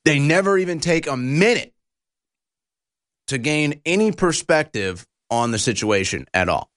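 A man's voice: fairly high pitch, lively intonation, a little slow, a bit bright, no room sound, studio quality. A man hosting a political commentary show, ranting in a combative, insulting and heated way.

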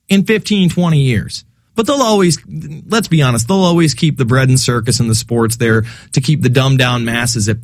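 Lively, high-voiced male radio host. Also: dry recording, clean studio sound. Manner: animated, sarcastic, mocking quoted voices. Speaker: radio talk show host. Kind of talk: talk radio monologue.

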